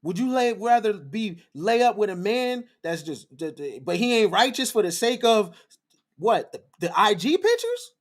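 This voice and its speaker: Fiery preaching man with lively pitch. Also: moderate pace. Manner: fiery, lecturing, repeats phrases for emphasis. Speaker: livestream host. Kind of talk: preachy livestream monologue.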